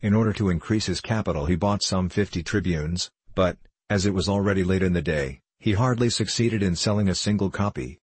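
Man narrating an audiobook, very deep voice, husky tone, dry close sound. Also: no echo. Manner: measured, literary storytelling. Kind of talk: scripted narration.

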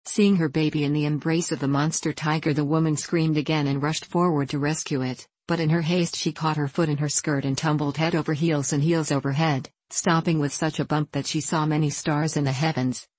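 A woman reading a storybook aloud in calm, measured audiobook narration. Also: low voice, dry recording. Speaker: reader.

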